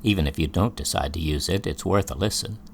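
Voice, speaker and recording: A man reading the part of a kind, cultured mother in a gentle, encouraging way. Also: sits low, fast talker, gravelly, slight background noise.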